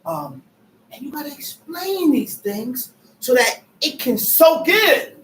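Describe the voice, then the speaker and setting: A man preaching with fervent, shouted emphasis in a call-and-response sermon. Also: extremely high pitch, wildly swooping pitch, slow pace. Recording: echoey room from far off.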